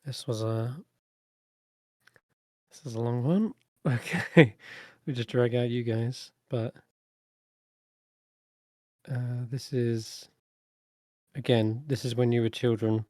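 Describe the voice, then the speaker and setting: A man narrating as dungeon master in a tabletop game, halting and self-correcting, laughing often. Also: medium pitch, fairly even intonation, dark tone, dry recording, clean studio sound.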